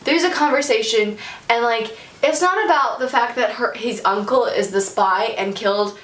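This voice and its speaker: A woman co-hosting a casual book podcast, recapping a plot with lively swearing and quick character voices. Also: fairly high pitch, reverberant, far from the mic. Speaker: podcast co-host.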